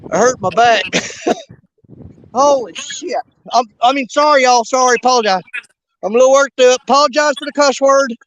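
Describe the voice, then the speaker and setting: An excitable man with a very high voice, rambling breathlessly while fishing outdoors. He laughs between sentences and tells his story at a tumbling pace. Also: moderate pace, long pauses, muffled recording. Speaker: fishing show host. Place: outdoors by a river.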